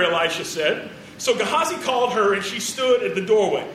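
Casual preacher in a very echoey hall. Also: male voice, sits high, animated, a little fast, few pauses, sharp tone, far from the mic, slight background noise. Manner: casual and joking, chuckles between phrases. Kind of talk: sermon.

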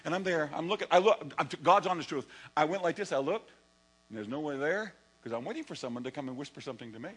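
A male pastor preaching a lively sermon and telling stories from his own life, sometimes acting out his younger self. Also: fairly high pitch, fast talker, breathy edge, low-quality recording. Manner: animated storytelling, acts out his own past voice.

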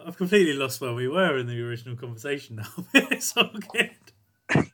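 English male podcast host, easygoing, bright tone, very lively pitch. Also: brisk. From England. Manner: easygoing, laughs often, reassuring. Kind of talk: casual podcast chat.

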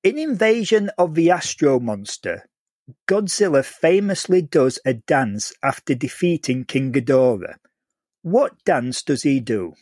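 A man's voice: a little high, big pitch swings, unhurried, a little mellow, no echo, clean studio sound. Chatty man hosting a podcast quiz. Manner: reads questions and options clearly, laughs often.

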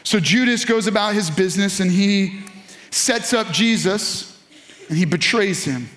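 A man's voice: high voice, measured pace, fairly bright tone, echoey room. A man preaching a sermon to a congregation, reading scripture aloud and speaking to the listeners directly. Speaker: pastor.

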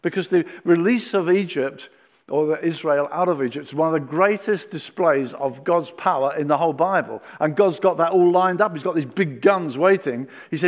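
A fairly high-voiced man delivering a sermon. He acts out Bible scenes with lively energy and drops from loud calls to near-hushed asides. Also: normal speed. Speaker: preacher.

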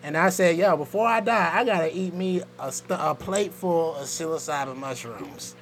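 A man's voice: a little high, moderate pace, a bit bright, a little hiss or hum. A man hosting a podcast, talking animatedly, laughing often and swearing in casual chat. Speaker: podcast host.

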